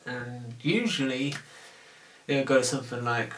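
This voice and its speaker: A man's voice: medium pitch, moderate pace, fairly bright tone, distant mic. A young man from the UK delivering a casual, sarcastic comedic rant to camera about his work as a shop cashier. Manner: sarcastic, exasperated, acts out customer exchanges. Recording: roomy echo, voice off-mic.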